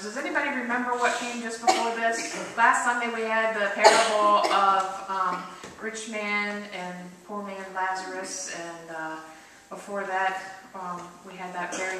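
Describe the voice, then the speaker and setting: A woman's voice: medium pitch, background noise. A woman pastor preaching a conversational sermon in a church, asking the congregation questions and acting out quoted voices. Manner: acts out quoted voices with lively shifts. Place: church sanctuary. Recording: very echoey church from a distance.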